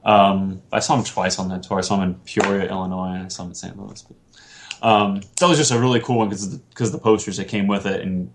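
A man's voice: low-pitched, steady tone, fast, background noise. A man hosting a casual podcast chat, rambling with lots of fillers and restarts. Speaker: podcast host.

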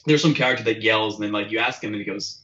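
A man hosting a casual podcast chat, telling a story with laughs and shouted impressions. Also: lowish voice, fast talker, muffled recording. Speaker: podcast host.

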